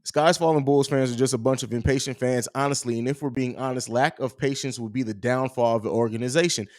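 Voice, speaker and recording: A man's voice: mid-range voice, fairly even intonation, fast, a little mellow. A young man hosting a casual live stream, talking in slang and reading viewer comments aloud. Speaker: host of a fan live stream.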